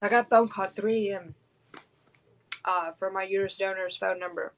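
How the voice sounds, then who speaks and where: A woman's voice: mid-range voice, steady tone, brisk, slight background noise, low-quality recording. A woman, hosting a podcast and telling a personal story in a raw, blunt way, swearing heavily. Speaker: podcast host.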